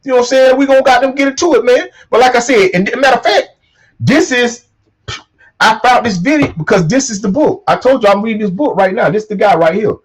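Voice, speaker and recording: A man hosting his own show, delivering a loose motivational monologue, swearing a lot and repeating catchphrases, punching key lines loudly. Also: extremely high pitch, animated, fast talker, breathy edge, poor audio. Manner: preachy, swearing, repeats "you know what I'm saying", punches lines loudly. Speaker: show host.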